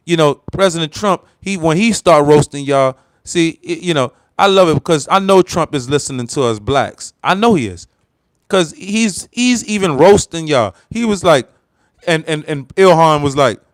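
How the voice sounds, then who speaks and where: On the high side and with no room sound, this man's voice belongs to an American livestream host from the United States. He runs a heated political commentary stream, speaking straight to viewers, fired up and repeating himself.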